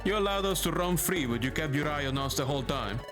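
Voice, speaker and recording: A man's voice: on the high side, lively intonation, fast, close to an everyday voice. A man reading the lines of a serious, determined male lizard rebel from a video game, earnest and resolute, over background music.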